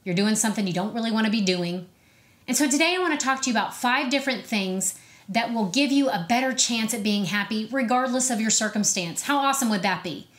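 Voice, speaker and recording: A woman's voice: a little high, animated, fast, a bit bright. Woman, 30s, motivational host, casual chat to camera, upbeat, chatty, playful inner voices. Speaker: host of a self-help video series.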